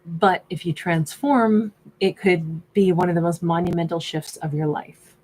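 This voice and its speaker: Chatty woman reading tarot, slightly low voice. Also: steady tone, a little slow, darkish tone, low-quality recording. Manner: chatty, conversational, self-correcting. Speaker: tarot reader.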